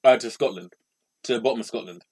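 Man, podcast co-host, mid-pitched voice, animated, self-correcting casual chat. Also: fast talker, husky.

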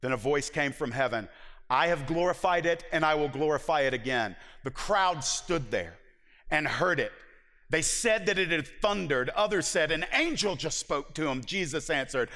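A man preaching a sermon with passion, building to emphatic peaks and dropping to hushed, intense lows. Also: expressive, normal speed. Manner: impassioned, rises to emphatic peaks and drops to hushed low passages. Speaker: pastor. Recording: long hall reverb.

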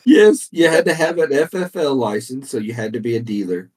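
A man's voice: medium pitch, animated, fairly quick, darkish tone. A man, co-hosting a casual comedy chat and relaxedly reading out odd news items. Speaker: podcast co-host.

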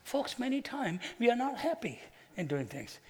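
A male pastor preaching a sermon and telling stories with humor, moving between quiet and loud passages. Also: extremely high pitch, sing-song, moderate pace, slightly rough.

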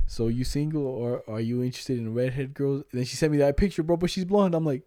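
This man in his twenties co-hosts a podcast, speaking quickly at a medium pitch in a clean, dry studio recording. His storytelling is lively and full of profanity, and he performs the quoted chat lines he's recounting.

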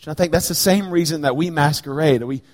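A middle-aged man preaching a sermon in a church sanctuary, dropping to hushed, slow lines and then rising to loud, raised bursts. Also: a little high. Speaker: pastor. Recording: long reverb of a large hall.

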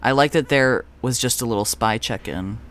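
A man co-hosting a casual podcast, reacting to the story with quick jokes and frequent swearing. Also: mid-range voice, a bit bright. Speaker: podcast co-host reacting to the segment.

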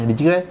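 A man's voice: fairly high pitch, background noise. A man in his forties from Malaysia with a Malaysian English accent, chatting casually, rambling with fillers and frequent laughs. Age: 40s. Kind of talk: casual chat.

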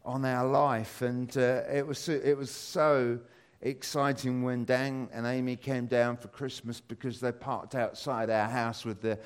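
A man's voice: mid-range voice, unhurried, clear, resonant tone. A British man in his fifties giving a church talk, telling a personal story with lots of fillers. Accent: British English. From Britain. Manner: rambling, animated storytelling with many fillers. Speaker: church speaker.

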